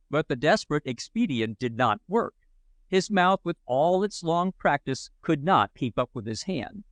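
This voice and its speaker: A man's voice: medium pitch, no room sound. A man reading a humorous children's adventure book aloud in a playful, mock-heroic storytelling manner. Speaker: audiobook narrator. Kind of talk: scripted narration.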